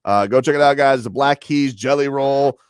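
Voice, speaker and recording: A man hosting a sports radio show, joking and bantering fast with his co-host and a guest in the studio. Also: medium pitch, clean tone, no echo. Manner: fast, joking, puts on silly voices.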